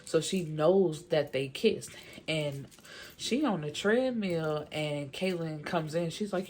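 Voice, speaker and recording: A woman's voice: sits low, lively intonation, a little slow, slight background noise. A woman casually recapping a movie plot, chatty and slangy, full of "you know" and "like", with opinionated, exasperated asides. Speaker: movie reviewer.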